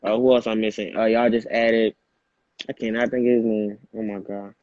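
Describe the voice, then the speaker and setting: Man, interviewer, casual, lots of "like", low flat voice, dry tinny phone-like sound. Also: normal speed, no room sound. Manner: casual, leans on "like" and "for sure".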